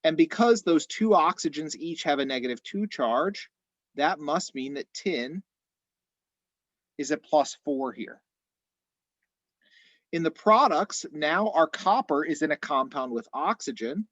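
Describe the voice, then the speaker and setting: A man teaching chemistry in an online class, explaining methodically step by step, his voice a little hoarse. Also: a little high, animated, a little slow, pauses often, fairly bright tone, dry recording, muffled recording. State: slightly hoarse. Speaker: chemistry instructor.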